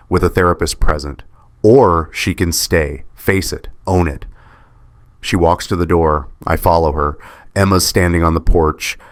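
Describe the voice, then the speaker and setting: A man's voice: sits low, dry recording, clean studio sound. A man giving scripted first-person drama narration in a heavy, wounded, bitter manner.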